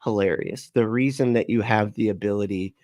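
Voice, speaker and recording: A man's voice: fairly low pitch, fairly quick, a little mellow, no room sound, clean studio sound. Sarcastic, profane man hosting a livestream. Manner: profane, sarcastic, laughs often. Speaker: livestream host. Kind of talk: casual reaction commentary.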